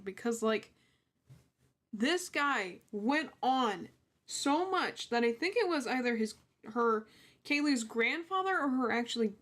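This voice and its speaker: A young woman chatting casually as she reacts to a true crime video, animated and mocking. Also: a little high. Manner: animated, laughing, mimics people mockingly. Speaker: reaction streamer.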